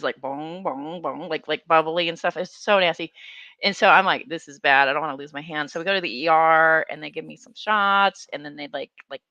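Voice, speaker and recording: A woman hosting a podcast, telling a story in a lively casual way with lots of fillers and laughter. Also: on the low side, no echo, highs cut off. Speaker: podcast host. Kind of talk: casual chat.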